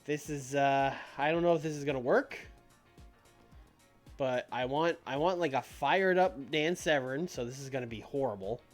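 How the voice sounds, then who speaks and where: A man's voice: medium pitch, normal speed, faint music behind. A man streaming a game with casual commentary, making wry, muttered asides and laughing often. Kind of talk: casual let's-play commentary.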